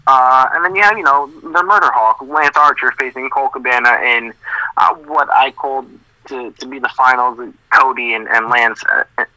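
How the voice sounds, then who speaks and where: A man co-hosting a wrestling podcast in a halting way, full of fillers and blunt, dismissive opinions, heard over a thin phone line. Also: medium pitch, pushed and bright, dry recording. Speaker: podcast co-host. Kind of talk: casual wrestling opinion chat.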